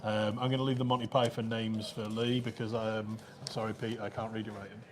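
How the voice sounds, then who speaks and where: A man's voice: lowish voice, level tone, a little fast. A man co-hosting a live brewery stream, talking casually with many fillers and restarts. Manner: hesitant, lots of fillers and restarts. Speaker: brewery co-host. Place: brewery taproom.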